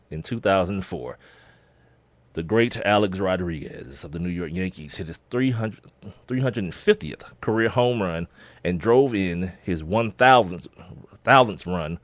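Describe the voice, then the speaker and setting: A laid-back man co-hosts a sports podcast, his low voice close to the mic and dry. He speaks, chuckling as he works through the day's listings. His delivery is loose and unhurried. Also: expressive, no room sound. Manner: laid-back, laughs often, reads listings with slips. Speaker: podcast co-host. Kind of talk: casual sports podcast chat.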